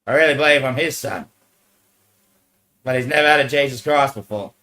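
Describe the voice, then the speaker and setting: A man's voice: medium pitch, fairly quick, bright, forceful tone, low-quality recording. A man speaking to viewers into a handheld microphone in a disjointed, rambling monologue. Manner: disjointed, loosely connected talk.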